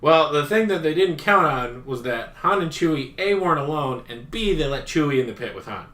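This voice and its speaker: A man co-hosting a podcast, retelling a story in a casual, animated way with laughter and swearing. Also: a little high, a little fast. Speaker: podcast co-host. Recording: echoey room.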